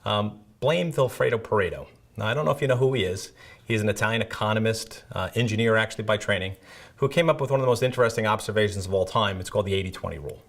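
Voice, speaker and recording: A man with a fairly low voice hosts a security awareness training episode. He talks casually and joshes at his own expense, tossing in "right?" every few sentences. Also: fast talker, gravelly. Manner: conversational, self-deprecating, peppered with "right?". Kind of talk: educational video presentation.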